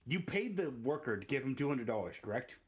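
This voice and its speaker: A man's voice: medium pitch, sing-song, fairly quick. A man running an online tabletop game as game master, narrating casually with frequent laughs and swearing.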